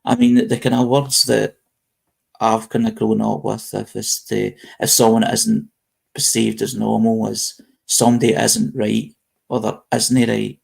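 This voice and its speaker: A man's voice: lowish voice, level tone, a little slow, creaky, slightly rough. A British man hosting a casual live-stream chat, reading posts aloud and rambling with restarts. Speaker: host.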